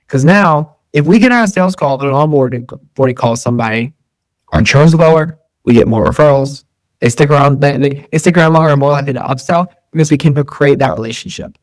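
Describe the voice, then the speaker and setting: A man's voice: fairly high pitch, lively intonation, fast, no room sound. A man being interviewed as a guest, talking casually and rambling, with lots of fillers and restarts. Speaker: guest entrepreneur.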